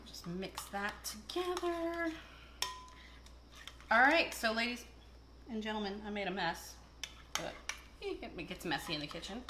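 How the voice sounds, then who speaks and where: A woman's voice: medium pitch, expressive, moderate pace, pauses often, background noise. A woman hosting a casual cooking video, chatting and joking and telling stories as she cooks. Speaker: cooking show host. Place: kitchen. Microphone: camera across the kitchen. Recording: echoey kitchen with cooking clatter. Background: clattering dishes and cutlery.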